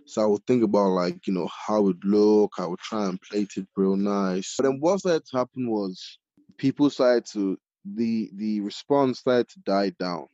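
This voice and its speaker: Mellow-voiced chef telling his story. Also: lowish voice, normal speed, no echo. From Nigeria. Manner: animated, many fillers like "like" and "you know". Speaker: chef, podcast guest. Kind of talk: casual storytelling in an interview. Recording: dull lo-fi audio.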